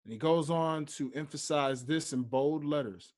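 A young man hosting a solo podcast, speaking slowly and deliberately and stressing his key points. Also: fairly high pitch, a little mellow. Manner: slow, deliberate, emphatic. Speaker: podcast host.

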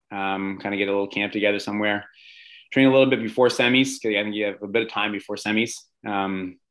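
A man's voice: lowish voice, a bit bright, rough recording. A man who coaches an athlete, talking casually and with enthusiasm in an interview, full of "um" and "like". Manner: enthusiastic, many fillers like "um" and "like".

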